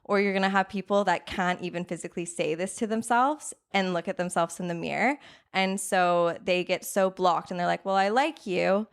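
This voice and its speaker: On a podcast, a thirtysomething woman who works as a coach talks earnestly and casually, interview-style, acting out inner voices and repeatedly saying "right?" She speaks at normal speed with a fairly low, steady, clean-toned voice.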